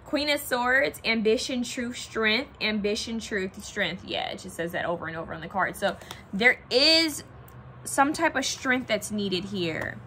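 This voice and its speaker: Bright-voiced woman reading tarot cards. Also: fairly high pitch, lively intonation, unhurried, a little hiss or hum. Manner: chatty, thinks aloud while pulling cards. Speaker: tarot card reader. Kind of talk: casual pick-a-card tarot reading.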